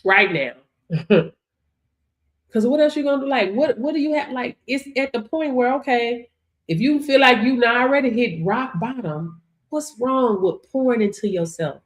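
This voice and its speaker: A woman's voice: a little high, normal speed. A woman hosting a motivational livestream, talking to viewers in a preachy way and laughing often. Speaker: livestream host.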